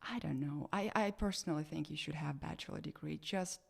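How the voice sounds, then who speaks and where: A woman with a Russian accent talks casually in an interview. Her voice sits slightly low, and her speech is full of fillers, restarts and lively bursts. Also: fairly quick, creaky. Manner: hesitant, many fillers and restarts, animated. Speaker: actress, interview guest.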